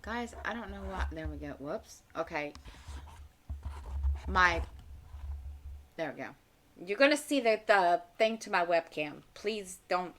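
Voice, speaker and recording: A woman's voice: on the low side, lively intonation, measured pace, pauses often, a bit bright, slight background noise. A middle-aged woman chatting casually at home while crafting, rambling and talking to herself as she works. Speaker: channel host. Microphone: desk mic.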